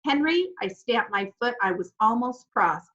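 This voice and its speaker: A woman narrating a children's novel in first person, animated and expressive, acting out the children's voices. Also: medium pitch, normal speed, dull audio. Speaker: audiobook narrator.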